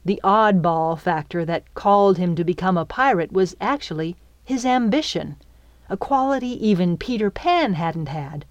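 A woman reading her own novel aloud as an audiobook, telling the story slowly and expressively. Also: lowish voice, expressive, no room sound. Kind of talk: audiobook narration.

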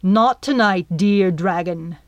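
A woman's voice: medium pitch, animated, slow, no room sound, dull audio. A woman reading a storybook voices a proud male pirate captain who bellows his orders. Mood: commanding. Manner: bellowing, forceful.

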